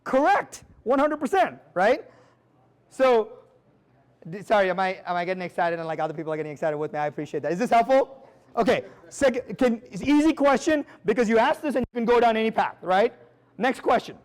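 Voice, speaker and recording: A man giving a live seminar talk as a sales trainer, energetic and emphatic, firing rhetorical questions at the audience in a quick, conversational way. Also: high-pitched. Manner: quick, conversational, with frequent restarts and "like" and "right?".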